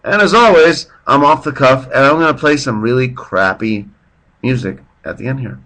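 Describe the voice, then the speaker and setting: A man's voice: mid-range voice, moderate pace, bright, forceful tone. A man hosting his own podcast off the cuff, rambling and self-deprecating, telling a joke with little voices for its characters. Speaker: podcast host. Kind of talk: off-the-cuff casual monologue. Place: at home, drinking beer while his partner sleeps.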